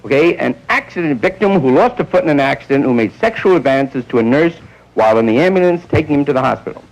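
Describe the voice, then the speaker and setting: A man's voice: animated, fast talker, a little mellow, low-quality recording. A man in his thirties doing a rambling live stand-up routine on a nightclub stage, acting out characters, heard on an old 1960s film recording. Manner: rambling, acts out characters with high squeaky voices. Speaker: stand-up comedian.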